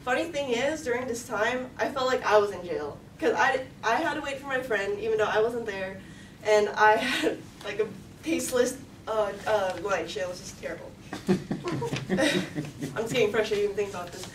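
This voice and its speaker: A young woman tells a story on stage in a chatty way, with lots of "like" and acted-out quotes. She is recorded from a distance in a roomy, echoing hall, with clear background noise behind her. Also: fairly high pitch, normal speed. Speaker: story slam performer. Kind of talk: live personal storytelling. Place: event hall.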